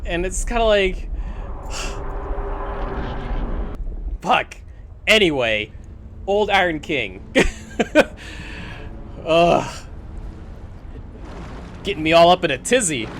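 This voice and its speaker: A streamer rants in casual, profanity-laced chat while gaming. Their pitch swings widely as they tell the story, and a faint hiss sits under the voice. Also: very animated, very slow, long pauses. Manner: talks to a pet mid-story. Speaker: streamer playing a video game.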